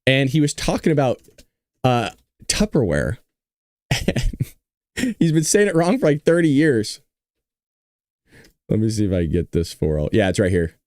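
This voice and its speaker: A man's voice: mid-range voice, very animated, moderate pace, pauses often, darkish tone, no room sound, clean studio sound. A man hosting a casual talk show, joking with his viewers and teasing the chat. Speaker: host.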